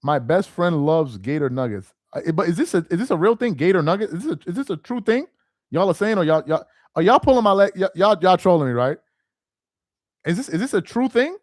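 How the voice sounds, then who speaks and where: Lively, chatty man with a fairly high voice. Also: quick pace, no room sound, clean studio sound. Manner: animated and talkative, repeats himself, laughs easily. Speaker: live stream host reading viewer chat. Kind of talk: casual live chat.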